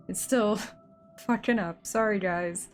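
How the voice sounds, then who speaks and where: A young woman hosting a let's play from home at a desk mic, chatty and exasperated with her computer. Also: medium pitch. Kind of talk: casual gameplay commentary. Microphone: desk microphone.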